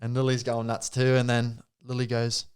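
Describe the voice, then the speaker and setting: A young man with an Australian accent spins a story as a podcast guest. His voice sits in an ordinary middle pitch. He laughs often and acts out what others said. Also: normal speed, clean tone. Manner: animated storyteller, laughing, acting out quotes. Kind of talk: casual storytelling.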